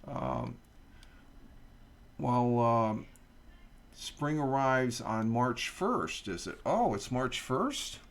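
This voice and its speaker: A man's voice: mid-range voice, big pitch swings, drawn-out words, long pauses. A middle-aged man hosts a casual morning livestream from home, rambling with fillers and asides as he reads out a weather article. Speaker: livestream host. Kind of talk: casual morning stream chat.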